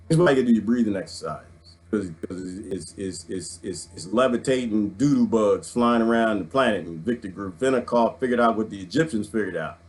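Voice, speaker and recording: A middle-aged man, ranting excitedly to his viewers, preaching and swinging his handheld mic as he talks. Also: on the low side, moderate pace. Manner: swings the mic around while talking. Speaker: vlogger. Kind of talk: excited casual rant.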